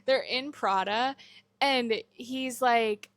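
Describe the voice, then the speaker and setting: A woman's voice: fairly high pitch, unhurried, no room sound. A young woman cohosting a podcast, chatting casually about a movie and quoting its characters.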